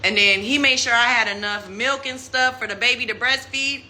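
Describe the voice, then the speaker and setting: Bright, animated woman telling a story. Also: normal speed, slight background noise. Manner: animated, acts out quotes in a mocking high voice. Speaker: Instagram live host. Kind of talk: casual storytelling. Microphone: phone.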